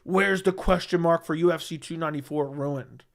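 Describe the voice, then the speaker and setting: Creaky and a little high, the man's voice moves at a moderate pace as he hosts a casual home MMA livestream. Reading viewers' comments, he responds with defensive arguments he repeats several times. The mic is a studio dynamic model.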